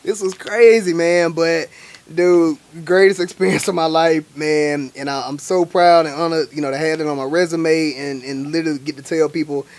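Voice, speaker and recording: A young adult man from Alabama, a guest chef telling stories in casual, animated talk full of slang fillers. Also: fairly high pitch, moderate pace. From Montgomery, Alabama, US. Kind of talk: casual storytelling.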